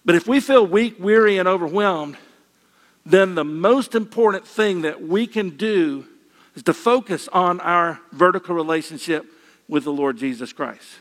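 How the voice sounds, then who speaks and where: An older man preaching a sermon, folksy and gently humorous, with repeated phrases. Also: high-pitched, in a large hall.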